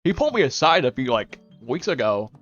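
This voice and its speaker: A man's voice: medium pitch, very animated, fairly quick, fairly bright tone, no echo. Young man, casual stream chat, rambling with fillers, dry dull lo-fi mic, faint music behind. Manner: rambling, with many fillers and quoted self-talk.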